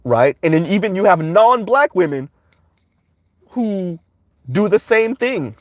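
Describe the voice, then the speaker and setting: A man's voice: high-pitched, lively intonation, takes it slowly, pauses often, no echo. A man giving casual livestream commentary, rambling along with frequent "um" fillers.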